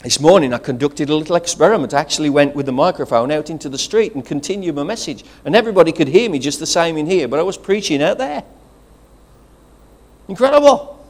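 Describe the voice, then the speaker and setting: A man's voice: a little high, animated, fast talker, hardly any pauses. A man with a regional English accent, preaching a sermon as pastor, rousing and conversational, with calls of praise. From England.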